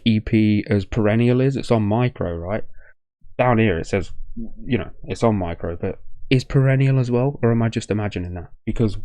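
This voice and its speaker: A man's voice: fairly low pitch, mellow, dry recording. A tired man from Leicester, hosting a music reaction video in a rambling, effusive way, full of thank-yous. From Leicester, English Midlands. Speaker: music reaction channel host. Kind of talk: casual reaction-video chat.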